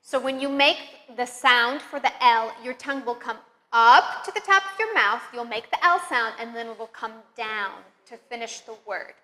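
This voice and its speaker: A woman teaching English pronunciation, leading slow, careful drills with encouraging praise. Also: a little high, sharp tone. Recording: long reverb, room echo.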